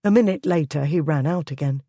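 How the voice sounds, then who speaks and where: An audiobook narrator giving a measured, even scripted reading of a historical romance. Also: medium pitch, no room sound, clean studio sound.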